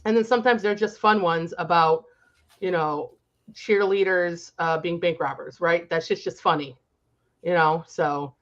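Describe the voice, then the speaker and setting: A woman's voice: lowish voice, a little slow. A woman co-hosting a podcast in casual chat, talking freely with lots of fillers and swearing. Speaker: podcast co-host. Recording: slightly dull lo-fi audio.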